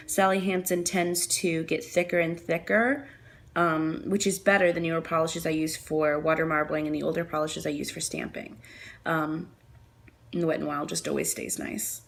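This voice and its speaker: A woman's voice: fairly low pitch, vocal fry. A woman talking through a nail art tutorial in a chatty, apologetic way, thinking aloud as she works. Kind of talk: casual tutorial narration.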